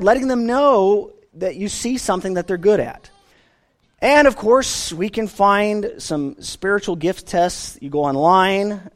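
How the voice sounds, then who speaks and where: Man, pastor, earnest sermon delivery; high, very animated pitch. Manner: earnest preaching, rising and falling emphasis.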